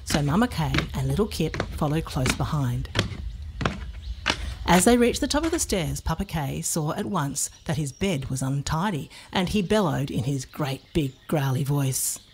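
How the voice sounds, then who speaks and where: A woman narrating a children's storybook in a playful, expressive way. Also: low voice, normal speed, slight background noise.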